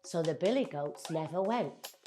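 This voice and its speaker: A young British woman telling a children's story in an animated, playful way, drawing her words out. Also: deep voice, normal speed, faint music behind.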